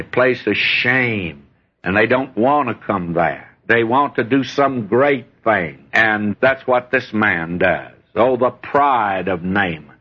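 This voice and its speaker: A husky male preacher delivers a sermon in a folksy storytelling way. His pitch climbs and drops as he leans into a point, then settles back into easy talk. The recording sounds dull and lo-fi.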